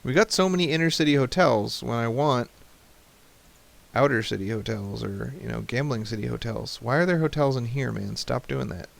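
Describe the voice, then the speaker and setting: A man's voice: medium pitch, moderate pace, gravelly. A man in his thirties hosting a let's play, chatting casually and joking at the game as he plays. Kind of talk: casual gameplay commentary.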